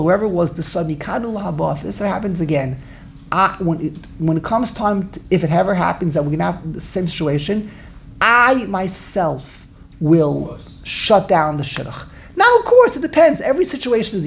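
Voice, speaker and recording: A woman's voice: on the low side, vocal fry. A woman teaching a study class, telling a story with many restarts and repetitions and laughing along the way. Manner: animated, repeats herself, laughs while telling. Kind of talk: storytelling lesson to a group.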